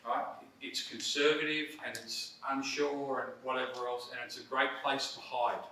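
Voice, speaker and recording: A man's voice: mid-range voice, fairly even intonation, unhurried, pushed and bright. Emphatic man presenting in a roomy hall. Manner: emphatic, conversational, frequent "right?" tags. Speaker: basketball coaching presenter. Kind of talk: workshop presentation. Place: presentation room. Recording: roomy hall, distant mic, faint noise.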